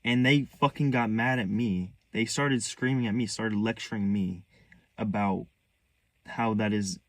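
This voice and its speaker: Low gravelly young man, halting. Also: fairly even intonation, dry recording. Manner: halting, restarts often, earnest and hurt. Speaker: vlogger. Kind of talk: candid personal storytelling.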